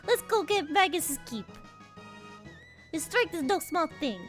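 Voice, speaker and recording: A woman voicing a grave, noble male knight from a fantasy game, speaking slowly and solemnly. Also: very high voice, very animated, fairly bright tone, faint music behind, pitched above the performer's own voice, full character voice.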